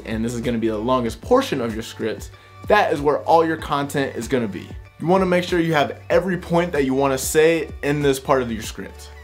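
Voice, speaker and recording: A man at a mid-range pitch talks straight to the viewer in a casual tutorial. His delivery is direct and conversational, and soft music plays faintly underneath. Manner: direct, conversational, speaks off bullet points. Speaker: YouTube creator giving tips. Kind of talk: casual talking-head tutorial.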